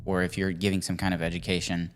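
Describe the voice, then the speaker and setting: A young adult man co-hosting a casual podcast chat, rambling and restarting, animated at times. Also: sits low, fast talker. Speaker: podcast co-host.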